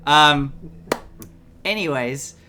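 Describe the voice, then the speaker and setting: A man running a tabletop game stream as game master, relaxed and full of fillers. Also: fairly high pitch, very slow, noisy background.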